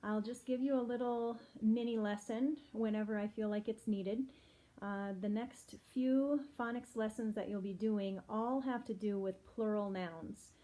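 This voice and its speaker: A woman's voice: mid-range voice, steady tone, warm tone. A woman teacher giving a patient phonics lesson to young children, asking them questions as she goes. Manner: slow, patient, clearly spelled-out teaching with questions to kids.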